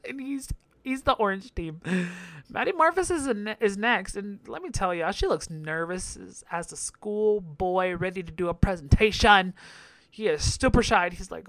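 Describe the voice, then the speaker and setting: A man's voice: high-pitched, expressive, normal speed, fairly bright tone, no room sound. A man hosting a podcast, giving a campy, profane recap full of laughter. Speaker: podcast host. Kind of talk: casual recap commentary.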